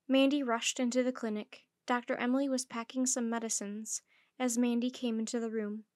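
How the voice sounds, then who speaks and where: A woman storyteller reading a children's book aloud in a gentle, even narration. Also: on the high side, brisk, no room sound, clean studio sound.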